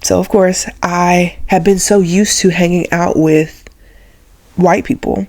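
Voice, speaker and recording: A woman's voice: fairly low pitch, takes it slowly. Chatty woman in her twenties telling a story. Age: 20s. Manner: chatty, animated, acts out quoted voices. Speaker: vlogger. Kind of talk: casual storytelling to camera.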